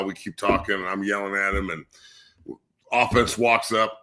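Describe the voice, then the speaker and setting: A man, a high school line coach appearing as a podcast guest, telling a crude, boisterous story full of swearing. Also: steady tone, moderate pace, sharp tone. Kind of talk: profane storytelling rant.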